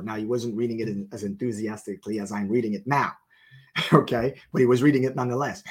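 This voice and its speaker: A middle-aged man preaching a sermon, telling a story and acting out the people in it with lively voices. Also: lowish voice, fast. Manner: animated storyteller acting out characters.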